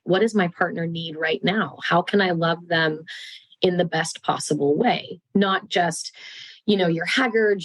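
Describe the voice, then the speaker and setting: A woman who teaches human sexuality, guest on a podcast, explaining relationship ideas at length and acting out quoted voices with jumps in pitch. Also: dry recording, low-quality recording. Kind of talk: casual podcast chat.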